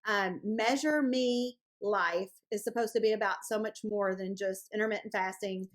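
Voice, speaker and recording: A woman's voice: mid-range voice, steady tone, normal speed. A woman hosting a support group meeting over a video call, chatty and playful as she rambles through updates. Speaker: group host. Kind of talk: casual chat.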